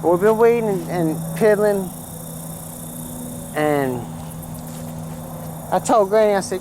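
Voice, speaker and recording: A man's voice: sits high, slow, pauses often, background noise. A man talks through his vegetable garden outdoors in a rambling, folksy, chatty way. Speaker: gardening vlogger. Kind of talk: casual walk-through commentary.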